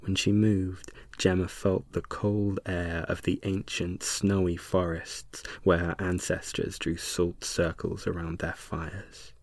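A man narrating an erotic horror audiobook in a slow, hushed, dramatic reading on a close mic. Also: sits low, level tone, dry recording.

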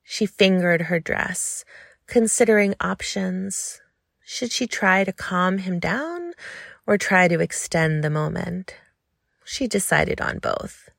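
A woman reading an intimate story aloud in a slow, hushed, lingering way. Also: lowish voice, expressive, creaky, no room sound, studio quality. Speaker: narrator.

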